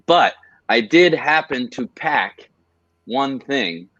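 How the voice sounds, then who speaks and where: A man's voice: mid-range voice, expressive, takes it slowly, fairly bright tone, dry recording, highs cut off. A man chatting as a podcast guest, eagerly telling rambling stories. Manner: enthusiastic, rambling storyteller. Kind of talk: casual chat.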